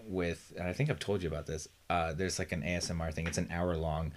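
A man's voice: low-pitched, level tone, quick pace, noisy background. A man co-hosting a podcast, telling stories in a rambling way with many fillers and restarts. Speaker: podcast co-host. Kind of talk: casual chat.

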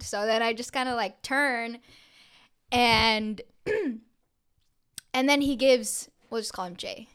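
A young woman with a fairly high, smooth, clear voice recounts a story on a casual podcast. She talks in an animated way, swears freely and acts out what people said, filling gaps with "like". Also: slow. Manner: animated, swears a lot, acts out quotes with filler "like". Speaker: podcast co-host.

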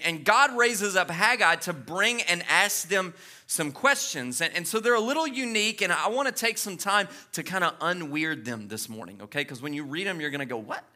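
Bright, animated male preacher. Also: high voice. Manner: animated, jokey preaching with quick asides. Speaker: pastor. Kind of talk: sermon.

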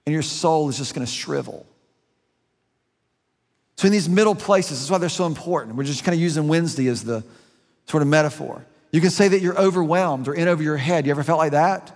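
Middle-aged guy preaching a sermon, earnest and chatty, voice a bit on the high side, big church reverb. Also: fairly quick. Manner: conversational, earnest, varies pace for emphasis. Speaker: pastor. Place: church sanctuary.

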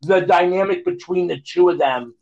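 A man's voice: high-pitched, normal speed, darkish tone. A man co-hosting a podcast, chatting casually and rambling with many fillers and restarts, on a phone. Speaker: podcast co-host. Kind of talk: casual chat. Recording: dull lo-fi phone audio.

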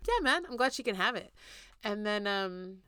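A woman's voice: medium pitch, sing-song, moderate pace, sharp tone, clear, resonant tone, no room sound. A woman co-hosting a podcast, chatting casually and telling a story with a lot of swearing and acted-out quotes. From United States. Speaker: podcast co-host. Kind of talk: casual chat.

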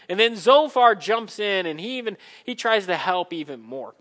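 A man preaching a sermon, animated and conversational, acting out the people in the story in quick asides. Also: high-pitched, long reverb tail. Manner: animated, acts out Bible characters in quick asides. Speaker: pastor.

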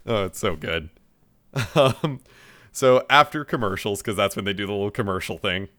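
A man's voice: lowish voice, normal speed, bright, forceful tone. Laughing, swearing man recapping an episode. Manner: laughs often, swears, acts out characters' lines. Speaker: podcast co-host recapping an anime episode. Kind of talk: casual chat.

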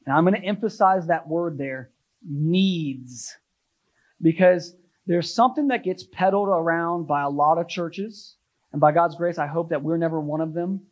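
A young adult male pastor from the United States preaching a sermon, stressing key words with rising emphasis and then dropping low and soft. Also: normal speed, rough recording.

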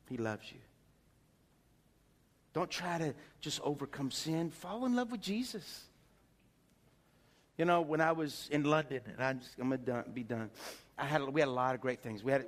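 A man preaching a sermon, telling stories excitedly and swinging from soft talk to shouts. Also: mid-range voice. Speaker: pastor.

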